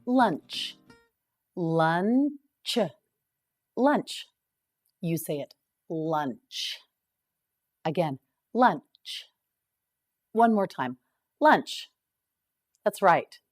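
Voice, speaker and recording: A woman teaching English vocabulary, reading each word slowly and clearly and asking the learner to repeat it. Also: lowish voice, lively intonation, soft background music. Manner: slow, clearly enunciated repetition. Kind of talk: slow scripted vocabulary drill.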